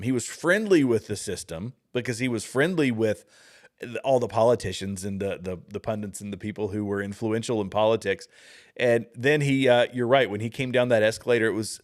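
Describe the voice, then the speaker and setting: A man in his thirties talks through chat comments on his livestream, loosely and conversationally. He wanders into asides and restarts his sentences often. His voice sits at an ordinary middle pitch for a man. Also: fairly quick. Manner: rambling, with frequent restarts and asides. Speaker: livestream host. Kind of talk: casual political commentary reading chat comments.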